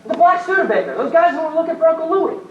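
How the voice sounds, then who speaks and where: A woman's voice: very high-pitched, animated, fast, narrow, tinny audio, a little hiss or hum. A woman playing a sensible, earnest teenage nephew in an amateur stage play, recorded from far off on an echoey stage. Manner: earnest, reassuring.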